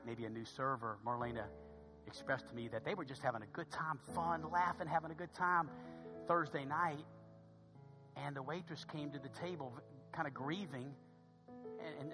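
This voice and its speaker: A male pastor preaches in church, his fairly high voice rising to loud, emphatic peaks and dropping to hushed asides. He tells his story with passion while soft music plays faintly behind him. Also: steady tone, moderate pace, long pauses. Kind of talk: sermon.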